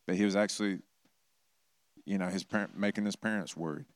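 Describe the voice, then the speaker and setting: A man's voice: sits low, fairly even intonation, brisk, dry recording. A middle-aged man preaching a sermon in a conversational way, acting out quoted voices with touches of humor. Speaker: pastor.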